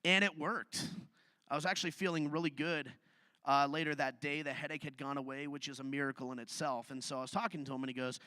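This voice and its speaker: Male stand-up comic, high bright voice, dry close sound, chatty and self-mocking. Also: fairly even intonation, fast talker, no echo. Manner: conversational, self-deprecating storytelling. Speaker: stand-up comedian. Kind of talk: live stand-up set. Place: theatre stage.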